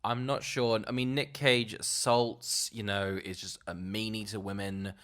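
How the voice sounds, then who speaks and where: A man's voice: lowish voice, little pitch movement, a little slow, fairly bright tone. Rambling man co-hosting a film podcast. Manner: rambling, laughs, trails off. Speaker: podcast co-host. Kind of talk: casual film podcast chat.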